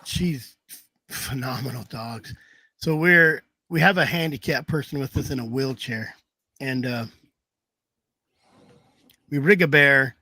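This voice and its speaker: A man's voice: medium pitch, takes it slowly, pauses often, bright, forceful tone, no echo. A man telling rambling hunting stories in a casual chat, laughing through his anecdotes over a video call. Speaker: hound hunter telling stories.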